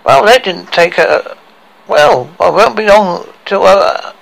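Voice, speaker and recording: A man voicing a boastful male dwarf leader in an improvised story, halting as he speaks. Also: sits high, expressive, gravelly, fairly bright tone, pitched above the performer's own voice, exaggerated voice, poor audio.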